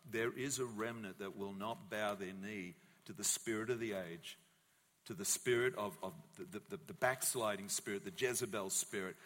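A man preaching a sermon as pastor, telling a Bible story in a lively way and acting out the voices of the people in it. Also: on the low side, a little hiss or hum. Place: church hall. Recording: long church hall reverb.

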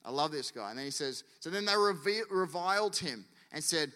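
A man's voice: a little high, expressive, moderate pace, bright, forceful tone, in a large hall. A man preaching a sermon as pastor, in a casual, conversational way that acts out quotes.

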